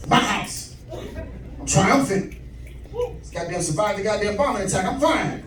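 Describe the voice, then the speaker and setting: A young man doing stand-up, telling a profane story in an animated, conversational way from a club stage. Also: high voice, moderate pace. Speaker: stand-up comedian. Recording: echoey club, far mic, crowd noise. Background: audience laughter.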